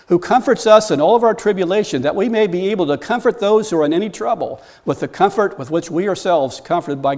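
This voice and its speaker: A high-pitched man preaching to his congregation. He tells stories and often climbs into loud, animated stretches of emphasis. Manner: storytelling preacher, rising to loud animated bursts. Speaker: pastor. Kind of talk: sermon.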